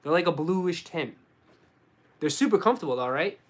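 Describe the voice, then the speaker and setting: A young man with a Boston accent, chatting casually on a live stream and answering viewers, relaxed and full of slang. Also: a little high, normal speed. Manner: relaxed, slangy, says dude and bro a lot. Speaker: sneaker YouTuber answering live chat.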